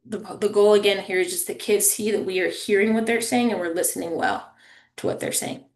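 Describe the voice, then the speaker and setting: A woman's voice: mid-range voice, fairly even intonation, brisk. Conversational woman presenter, echoey room. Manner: warm, conversational, checks in with "right?" and "okay?". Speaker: family engagement presenter. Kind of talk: webinar presentation.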